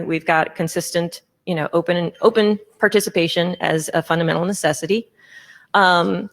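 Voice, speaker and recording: A woman chairing a conference meeting session, presenting a proposal in an informal way with many fillers and restarts. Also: lowish voice. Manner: informal, filler-heavy, self-correcting.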